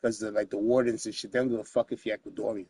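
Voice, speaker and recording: A man's voice: lowish voice, flat delivery, very fast, warm tone, slightly rough, dry recording. A man from the United States, a guest in an interview, telling a story in a casual, streetwise, profane way, full of "you know what I mean" asides.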